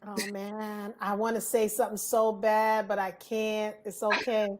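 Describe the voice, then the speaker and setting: A woman from Brooklyn, hosting a casual discussion and telling stories in a lively, colloquial way. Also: mid-range voice, a little slow, slight background noise. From Brooklyn, New York. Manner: animated storytelling, acts out dialogue, colloquial.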